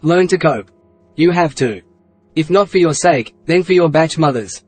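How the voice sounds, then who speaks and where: A man's voice: fairly high pitch, lively intonation, moderate pace, darkish tone, soft background music, pitched above the performer's own voice. A man narrating an audiobook, voicing a cold, expressionless male enforcer who speaks in curt threats. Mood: menacing.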